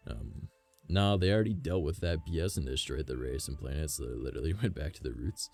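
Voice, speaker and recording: A man's voice: extremely low pitch, lively intonation, a little fast, vocal fry, a little mellow, soft background music. A man streaming live from home, chatting loosely with his chat, rambling through wild theories and swearing freely. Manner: rambling, swears a lot, speculative. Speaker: livestreamer.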